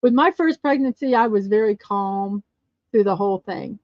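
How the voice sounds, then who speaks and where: A woman hosting a casual livestream chat show, chatty and quick to laugh as she tells stories and answers viewer comments. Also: medium pitch, dry recording. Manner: chatty, laughs often, storytelling. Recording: dull lo-fi dry sound.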